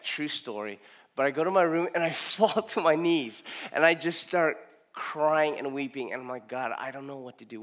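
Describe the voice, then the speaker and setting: A middle-aged man preaching a sermon, telling a personal story with emotional repetition and loud rising emphasis. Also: medium pitch. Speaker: pastor.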